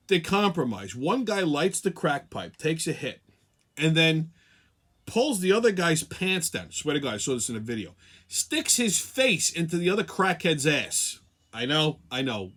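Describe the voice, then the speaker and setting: A man's voice: fairly high pitch, fairly bright tone. A man hosting a weekly show, ranting sarcastically and profanely. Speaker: host. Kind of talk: profane comedic rant.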